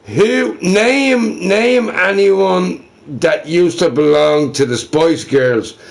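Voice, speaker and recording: A man's voice: sits high, very slow, creaky. A man rambling casually on his livestream, profane and self-mocking, chuckling between remarks.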